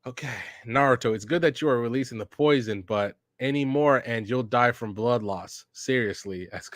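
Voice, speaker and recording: A man casually reading a manga aloud for a reaction podcast, narrating scenes in slangy, relaxed speech and reading character lines without much change in voice. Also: mid-range voice, normal speed, no room sound, clean studio sound. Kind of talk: casual read-along reaction.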